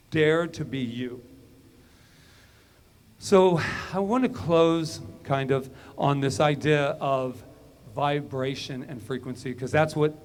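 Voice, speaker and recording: A man preaching a casual, story-filled sermon at a middle pitch. He talks the way a friend chats, and his voice goes quiet when he recalls private moments. A faint hum of room noise sits under the recording. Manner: conversational and storytelling, drops to a hush when recounting inner moments. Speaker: minister.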